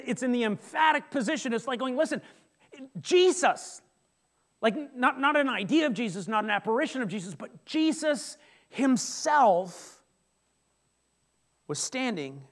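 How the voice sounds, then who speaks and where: A man with a notably high voice delivers a sermon. He preaches in an animated, conversational way, often restarting phrases and turning to the congregation with asides. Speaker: pastor.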